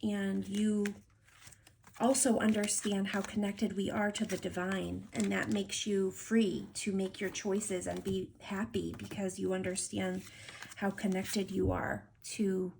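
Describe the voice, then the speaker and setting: Gushing tarot reader woman with vocal fry. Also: medium pitch, level tone, unhurried, a little mellow, a little hiss or hum. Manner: gushing, affectionate and emotional. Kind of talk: tarot reading to camera.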